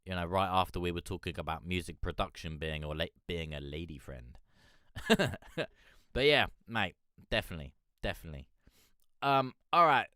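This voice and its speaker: Excitable man with lively pitch. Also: clean tone, dry recording, studio quality. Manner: rambling, excitable, peppered with "mate". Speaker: music review show host. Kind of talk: casual live-stream commentary.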